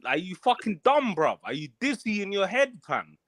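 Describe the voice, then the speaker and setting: A man's voice: sits high, very animated, normal speed, fairly bright tone, no room sound. A man calling into a live online panel, heated and insulting, full of street slang.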